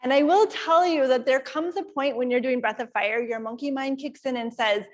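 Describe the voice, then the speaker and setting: Woman from Iowa, yoga teacher, slightly higher voice, calm and conversational, walks the class through each step. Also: moderate pace, few pauses. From Iowa, USA. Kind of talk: guided yoga class instruction.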